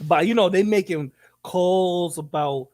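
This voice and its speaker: A man co-hosting a live commentary stream, talking in an animated, profane and rambling way, often repeating himself. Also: high voice, measured pace, no echo.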